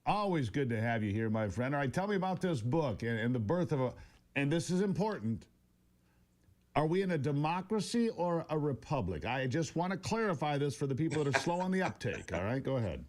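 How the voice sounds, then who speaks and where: A man hosting a talk radio show, introducing his guest and pushing him with brisk questions. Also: fairly high pitch, big pitch swings. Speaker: host.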